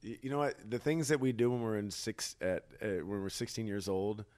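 A man's voice: fairly low pitch, brisk, a little mellow. A young man co-hosting a casual chat, jokey and self-mocking, laughing a lot. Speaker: podcast co-host.

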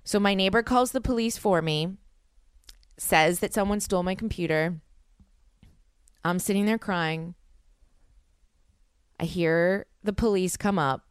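A young woman tells a wild personal story on her podcast, animated and dramatic, stumbling over fillers as she goes. Her voice comes through smooth and clear. The recording is close and dry, with no room sound. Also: medium pitch, a little slow, pauses often, no echo. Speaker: podcast host.

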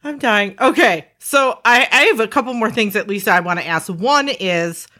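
A woman hosting a podcast, excitable and crude, firing off questions quickly. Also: mid-range voice. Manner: excitable, crude, fast-talking. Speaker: podcast host. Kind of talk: casual chat.

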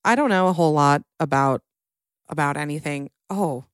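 A woman's voice: sits low, moderate pace, no room sound, clean studio sound. A young woman hosting a solo podcast, talking in a candid, chatty and emotional way. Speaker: podcast host.

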